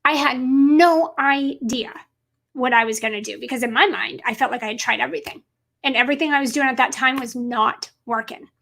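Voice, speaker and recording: A woman's voice: high-pitched, a little fast, gravelly, a bit bright. A woman business coach giving an emphatic motivational talk to camera, repeating her points and calling her viewers guys.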